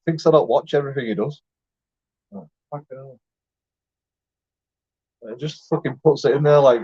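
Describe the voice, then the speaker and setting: A YouTube vlogger rambles through a casual monologue, boastful and jokey, swearing and laughing along the way. His husky, medium-pitched voice moves at a moderate pace with long pauses, in a dull, dry lo-fi recording without echo.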